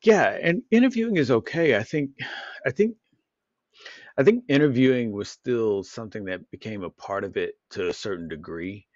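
A man's voice: medium pitch, expressive, moderate pace, a little mellow, no room sound, highs cut off. A man co-hosting an unscripted podcast, rambling and repeating words as he overanalyzes ideas aloud. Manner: overanalyzes word meanings. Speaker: podcast co-host. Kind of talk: unscripted casual chat.

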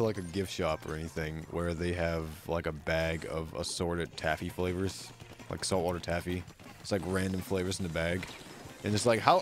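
A man streaming a video game, chatting casually and excitably with his friends, swearing now and then. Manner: excitable, swears, pitch jumps when hyped. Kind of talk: casual gameplay commentary. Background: faint game music.

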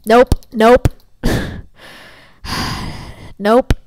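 A woman with a clear, resonant voice sits a little above the usual pitch as she narrates her own gameplay. She teases and taunts her opponents in a loose, joking way. The sound is dry, with no room echo. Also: fairly even intonation, very slow, a little mellow. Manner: playful trash-talk at opponents. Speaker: gameplay commentator. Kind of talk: casual gaming commentary.

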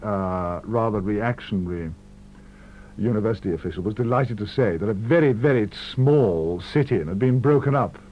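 A man in his forties, an actor, talking expansively in a radio interview, full of animated anecdotes. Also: lowish voice, moderate pace. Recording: muffled 1970s radio archive with hum.

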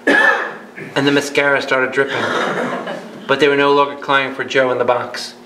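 A man, a priest, teaching a Bible study in a sermon style, with humorous, animated storytelling and rhetorical questions. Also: mid-range voice, normal speed, noisy background. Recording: echoey hall with live audience. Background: audience laughter and responses.

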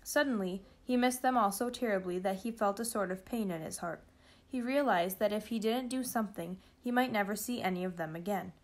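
A woman reading a children's novel aloud in a steady, expressive storytelling way. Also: mid-range voice, fairly quick. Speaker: reader.

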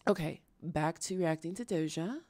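Woman, casual reaction host, lowish voice, dry close sound, rambling and exasperated. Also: moderate pace, a little mellow, dry recording. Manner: chatty, exasperated, lots of fillers and restarts.

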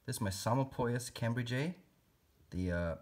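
Husky-voiced man narrating a casual vlog. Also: mid-range voice, moderate pace. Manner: chatty, teasing the spiders with playful banter. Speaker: reptile and spider keeper vlogger.

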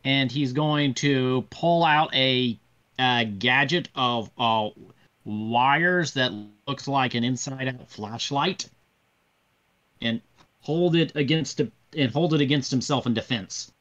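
A man narrating a tabletop role-playing game as game master, pausing often with fillers. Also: medium pitch, a bit bright, muffled recording. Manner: halting, with many fillers.

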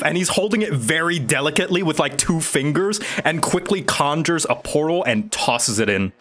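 A game master narrating a tabletop game as an animated storyteller. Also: mid-range voice, moderate pace, hardly any pauses.

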